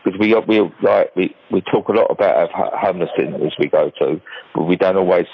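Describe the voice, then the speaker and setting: Middle-aged British man, very low voice, hesitant chat, dull radio sound. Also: moderate pace, vocal fry. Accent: British English. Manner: relaxed, hesitant, repeats words often. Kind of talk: casual radio conversation. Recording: muffled radio broadcast.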